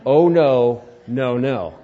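A man in his twenties preaching a sermon, telling the story in a lively way and swinging between loud bursts and hushed lines. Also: mid-range voice, takes it slowly, narrow, tinny audio. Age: 20s. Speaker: pastor.

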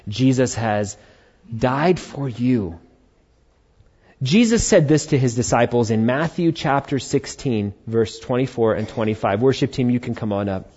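A male pastor preaching a Sunday sermon, swinging between sudden loud emphatic bursts and soft, low asides. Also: slightly rough, dull audio. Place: church.

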